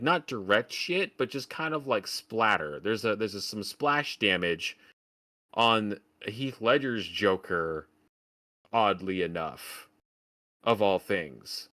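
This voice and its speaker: A man's voice: lowish voice, a bit bright. A man co-hosting a podcast, ranting about a film in casual, profane, sarcastic talk. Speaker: podcast co-host. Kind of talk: casual film review chat.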